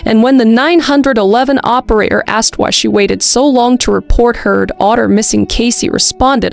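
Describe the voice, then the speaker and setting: A woman's voice: a little high, moderate pace, vocal fry, hardly any pauses, faint music behind. A young adult woman hosting a podcast, telling a true-crime story in a casual, chatty way with snarky asides and lots of "like.". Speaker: podcast host.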